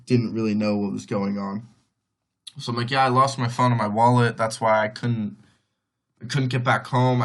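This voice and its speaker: A man's voice: lowish voice, fairly bright tone. A young man telling a long personal story on his podcast in a casual, rambling way, filling gaps with "like" and acting out what others said. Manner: rambling, heavy on "like", acts out others' voices. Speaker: podcast host.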